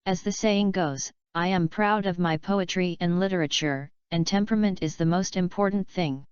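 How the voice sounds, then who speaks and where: A spoiled young heir who brags and smooth-talks his way out of trouble, as a woman narrator reads him. The voice is low and very clear. The recording is dry and slightly dull. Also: normal speed, no echo, lightly acted. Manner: smooth-talking, bragging. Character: boastful young man, spoiled rich son.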